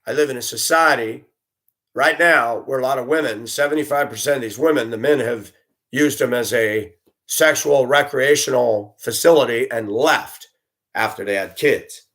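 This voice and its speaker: A man's voice: medium pitch, moderate pace. Blunt, grumbling middle-aged man ranting. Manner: animated, blunt, swears, grumbling. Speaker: school bus driver. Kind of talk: ranting monologue.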